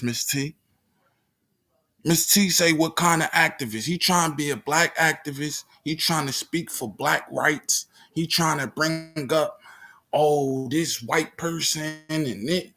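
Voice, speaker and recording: A man's voice: a little high, measured pace, sharp tone. A man hosting a live reaction stream, talking emphatically and repeating himself to his viewers. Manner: emphatic, repeats himself, calls listeners "gang"; heated and accusing at times.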